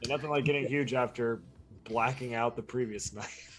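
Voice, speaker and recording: A man's voice: medium pitch, steady tone, normal speed, fairly bright tone, soft background music. A young man co-hosting a podcast, chiming in with short dry, amused comments in casual chat. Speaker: podcast co-host.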